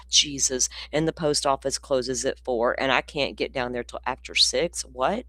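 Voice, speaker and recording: A woman's voice: extremely low pitch, unhurried, fairly bright tone, no room sound. A woman hosting a livestream, talking casually and with exasperation, ranting and laughing often. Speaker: livestream host commenting on a trial.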